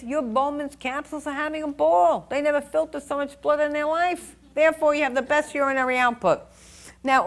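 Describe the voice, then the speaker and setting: An older woman with a somewhat high voice lectures on critical care nursing. She talks in a chatty, emphatic way and drives her points home with stories from the ward. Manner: animated storyteller, chatty and emphatic. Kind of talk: lecture with anecdotes.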